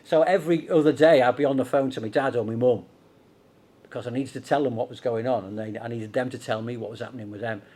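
A middle-aged Liverpool man with a Scouse accent preaches a sermon conversationally, posing rhetorical questions. His voice is medium in pitch and somewhat dark, and he talks fast.

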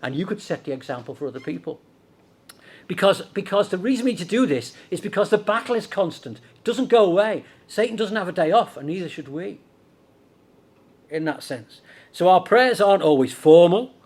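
A middle-aged preacher from Liverpool with a clear Scouse accent and a fairly high voice. He preaches in a conversational way and often throws rhetorical questions at the congregation. He also restarts his sentences often. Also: animated, fairly quick, darkish tone. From Liverpool, England. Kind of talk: sermon.

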